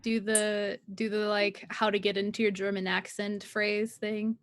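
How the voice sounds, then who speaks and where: A woman's voice: mid-range voice, little pitch movement, measured pace. Matter-of-fact woman player.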